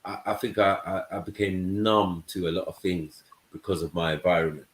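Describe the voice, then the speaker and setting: Very deep-voiced man telling stories. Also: fairly even intonation, fairly quick, a little hiss or hum. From England. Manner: storytelling, keeps checking in with "you know what I mean". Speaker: panel host. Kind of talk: casual panel chat. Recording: echoey room.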